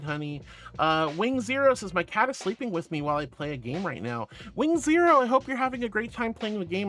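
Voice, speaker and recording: A male VTuber streamer chats casually with his viewers and reads their messages aloud. His voice sits fairly high, and he talks in a gentle, doting way, calling everyone sweetie and darling. Quiet music plays underneath. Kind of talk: casual chat, reading chat aloud.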